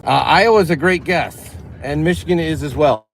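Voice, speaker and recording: Driving while he hosts a casual livestream, a northern Illinois man chats and responds to viewers' comments. His voice is a little high with vocal fry and a moderate pace, the recording is rough, and car road noise runs underneath.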